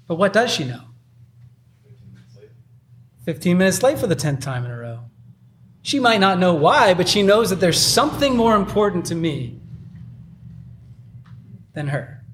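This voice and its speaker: Man, pastor, casual conversational sermon, filler-heavy, slightly high pitch. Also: a little hiss or hum. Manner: conversational, uses many filler likes.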